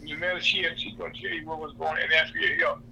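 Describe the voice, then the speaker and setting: A man with a St. hosting a radio show, speaking haltingly with many restarts. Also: on the high side, level tone, vocal fry, sharp tone, a little hiss or hum, poor audio. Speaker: radio host. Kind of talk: casual radio talk.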